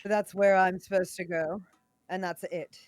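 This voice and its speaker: A woman's voice: fairly low pitch, fairly even intonation, a little slow, faint music behind. A woman player in a tabletop game, speaking in character with a dry, wry delivery.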